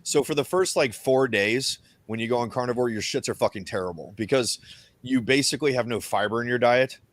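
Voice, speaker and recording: A young man hosting a podcast, telling crude stories in profane, animated casual banter on a close mic. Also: medium pitch, brisk, no echo. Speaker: podcast host.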